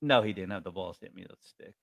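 A man's voice: racing, gravelly, no room sound, lo-fi sound. A man in his forties from New York State, telling stories in casual chat. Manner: animated storyteller, jumps up in pitch.

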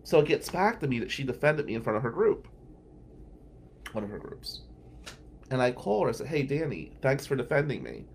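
Gravelly man telling stories. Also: medium pitch, big pitch swings, fairly quick, pauses often, slight background noise. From New Jersey. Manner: casual, anecdotal, blunt. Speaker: podcast host, defense lawyer. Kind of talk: storytelling tribute.

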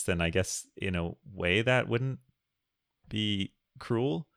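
Low gravelly man co-hosting a podcast. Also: slow pace, fairly bright tone, no echo, studio quality. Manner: laughs often, reads listener questions aloud. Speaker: podcast co-host. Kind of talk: casual chat.

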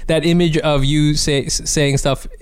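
A man hosting a comedy podcast, talking in an excitable casual way, laughing often and swearing freely. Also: fairly high pitch, a little slow, smooth, no echo. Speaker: podcast host.

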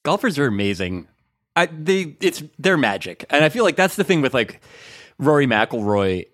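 A man co-hosting a sports podcast in casual chat, rambling and animated with many fillers. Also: a little high, normal speed, no echo, clean studio sound. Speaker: podcast co-host.

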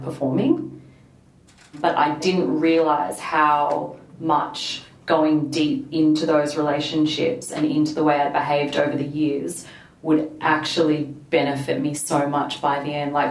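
Low, flat-voiced woman in a roomy recording. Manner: thoughtful, casual, drawn-out phrasing. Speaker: author being interviewed. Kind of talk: reflective conversation. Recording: roomy, distant-mic recording.

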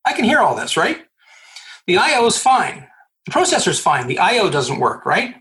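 Middle-aged man, lively storyteller, from Canada, laughs easily. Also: high-pitched, poor audio. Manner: animated, quick to laugh, acts out quoted voices. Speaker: guest, recruiter. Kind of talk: storytelling in a conversation.

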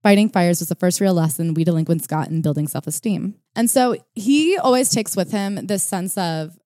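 A woman's voice: lowish voice, moderate pace, mellow, no echo, clean studio sound. A woman co-hosting a casual podcast chat about a book, retelling stories and reading out quotes with energy. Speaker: podcast co-host.

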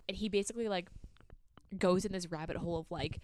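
A woman's voice: medium pitch, fast, no room sound, clean studio sound. A woman co-hosting a podcast, casually talking through a book and acting out characters' lines with frequent swearing. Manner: animated retelling, acting out quotes, swears. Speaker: podcast co-host.

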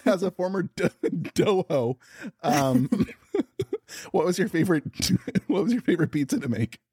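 Teasing podcast guy, bouncy pitch, dry mic sound. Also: measured pace, slightly rough, dry recording. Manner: playful, teasing, lively. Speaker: podcast co-host. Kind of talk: casual chat.

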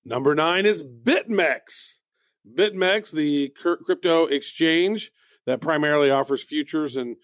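Man, chatty podcast host, fairly high voice, dry close mic. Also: dry recording. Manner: chatty, many fillers, loose delivery. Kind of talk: casual podcast news rundown.

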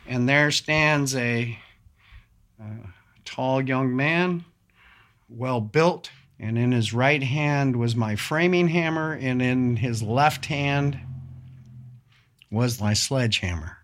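Male interviewee, unhurried storyteller, deliberate delivery, mid-range voice. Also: mid-range voice. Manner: deliberate, measured, rising sharply when quoting shouts. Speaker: interviewee recounting an attack. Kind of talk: slow first-person storytelling.

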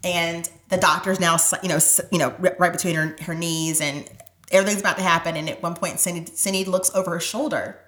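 A woman's voice: lowish voice, fairly even intonation, fast talker, roomy sound. A woman telling an emotional personal story as a podcast guest, often dropping to a near whisper and filling with "like". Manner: softens to near-whisper when moved, many "like" fillers.

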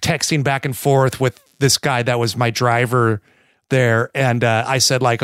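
A man's voice: medium pitch, fairly even intonation, normal speed, a bit bright, smooth, no room sound, clean studio sound. An American man co-hosting a podcast, rambling in casual chat, swearing freely and slipping into playful mock accents. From United States. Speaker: podcast co-host.

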